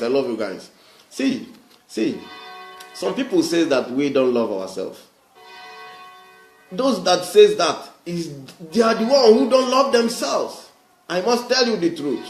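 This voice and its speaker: Nigerian male livestream host, preachy and repetitive, higher pitch, echoey room. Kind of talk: livestream address to viewers.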